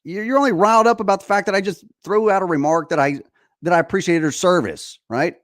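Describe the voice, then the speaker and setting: A man's voice: high voice, fast talker, no echo, clean studio sound. A man hosting a heated political podcast, emphatic and profane, often restarting and repeating himself. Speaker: podcast host.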